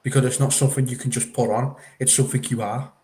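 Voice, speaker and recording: A man with a Scouse accent co-hosts a casual football stream. He breaks in with dry, argumentative remarks and speaks at a plain mid pitch. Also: steady tone, quick pace, darkish tone. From Liverpool. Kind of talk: casual live stream chat.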